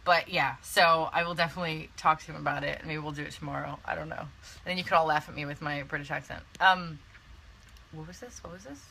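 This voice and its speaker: A woman's voice: low voice, fairly even intonation, fast, creaky, bright, forceful tone, a little hiss or hum, rough recording. A young woman hosting a casual live video, chatty and laughing often with lots of fillers and restarts. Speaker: network marketing coach hosting a live video. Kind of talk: casual live-stream chat. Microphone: phone or webcam on a live video.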